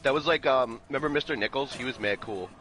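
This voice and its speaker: A man's voice: mid-range voice, fast talker, background noise. Young man recalling school pranks. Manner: profane, laughing recollections. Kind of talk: casual chat with friends.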